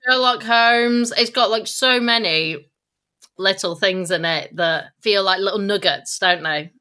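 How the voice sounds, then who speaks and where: A woman's voice: medium pitch, measured pace, bright, forceful tone. A woman co-hosting a podcast in casual chat on stage in a theatre, chatty and agreeable. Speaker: podcast co-host.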